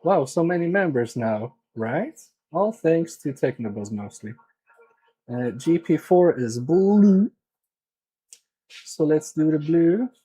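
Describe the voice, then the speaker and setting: A man's voice: on the high side, animated, slow pace, warm tone. A man hosting a live electronics repair stream, joking and muttering to himself as he works. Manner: joking, self-mocking, muttering while working on the repair. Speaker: livestream electronics repair host. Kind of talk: casual live-stream chat while working.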